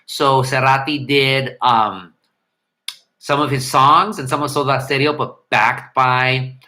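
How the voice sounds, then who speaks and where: A middle-aged man chatting loosely on a home livestream, reading out comments as they come. His voice is bright and forward. He wanders between thoughts and breaks into hummed, scatted bits of melody. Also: medium pitch, steady tone, slow pace. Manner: rambling, hums and scats melodies. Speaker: livestream host. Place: home room.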